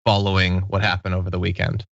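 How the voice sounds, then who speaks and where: A man's voice: sits low, monotone, fast, gravelly, no room sound, highs cut off. A man in his thirties hosting a political talk show, thoughtful and wry, asking questions and reasoning aloud. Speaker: show host.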